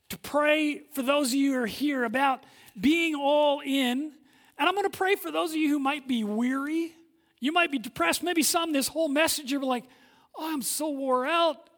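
A male pastor preaching a sermon with lively energy, swinging between loud emphasis and hushed moments, acting out quoted voices. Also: very high-pitched, moderate pace. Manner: acts out quoted voices of listeners and God.

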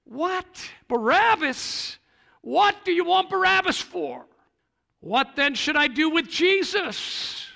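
A man's voice: extremely high pitch, animated, slow, creaky, bright, forceful tone, pitched above the performer's own voice, heavily acted. A man voicing the Roman governor Pilate as an incredulous grown man who presses with rising questions.

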